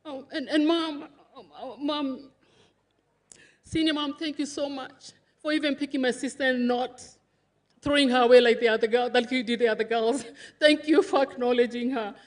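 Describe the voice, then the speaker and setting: High-voiced woman giving a tearful tribute. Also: steady tone, normal speed. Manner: emotional, laughing and crying through her words. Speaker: eulogy speaker, sister-in-law of the deceased. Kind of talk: emotional tribute speech. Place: funeral service before a congregation.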